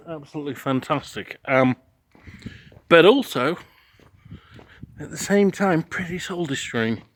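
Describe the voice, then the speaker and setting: A man in his forties, a travel vlogger, gives a frank, rambling recap of his travel day to camera, full of restarts and swearing. His voice sits on the high side and is animated yet unhurried, with long pauses.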